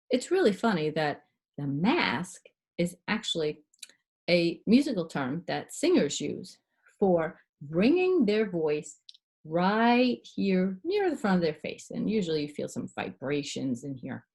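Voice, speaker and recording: A middle-aged woman voice coach giving a clear, demonstrative lesson, shifting her pitch and loudness to show techniques. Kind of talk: instructional talk to camera.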